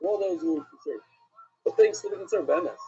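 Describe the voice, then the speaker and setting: A man, a rabbi, giving an animated Talmud class lecture, asking and answering questions with emphasis. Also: fairly high pitch, a little fast, a little hiss or hum. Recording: dull lo-fi recording with faint music.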